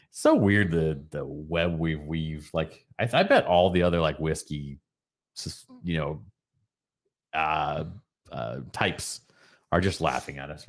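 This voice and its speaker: A man co-hosting a casual live show over drinks, playful and fond of trying out silly regional accents. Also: extremely low pitch. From Florida. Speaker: podcast co-host.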